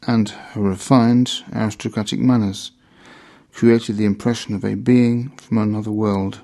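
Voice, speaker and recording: Low, gravelly man narrating a memoir. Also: dark tone. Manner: measured, deliberate reading.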